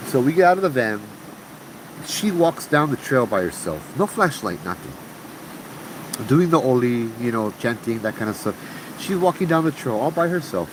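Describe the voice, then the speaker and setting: A Hawaiian storyteller with a Pidgin accent spins ghost tales for a group at an outdoor camp, keeping it casual and full of slang. His voice is mid-range and his speed normal, over a constant background hum.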